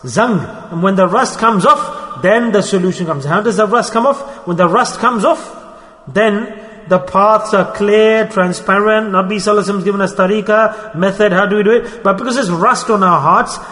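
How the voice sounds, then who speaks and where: A male Islamic preacher giving a sermon through a personal story. He repeats his points, asks rhetorical questions, and swings from loud urging to hushed asides. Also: sits high, moderate pace, long reverb tail.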